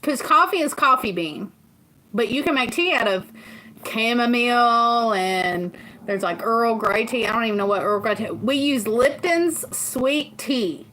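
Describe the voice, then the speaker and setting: A woman's voice: on the high side, lively intonation, measured pace, pushed and bright. A woman with a Southern US accent hosting a casual livestream, rambling and laughing often as she chats. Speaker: livestream host. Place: farm home kitchen.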